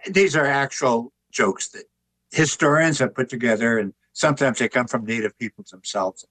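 An older man sits for an interview and tells stories with easy, wry humor. His voice sits at an ordinary middle pitch. The sound is close and dry, with no room echo. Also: normal speed. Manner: relaxed, anecdotal, wry humor. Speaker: author and artist guest. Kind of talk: conversational interview storytelling.

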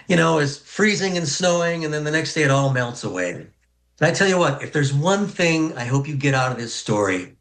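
A man from North Dakota telling a humorous personal story in a folksy, lively way. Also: a little high. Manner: folksy, humorous, animated pacing. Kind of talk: personal story told to an audience.

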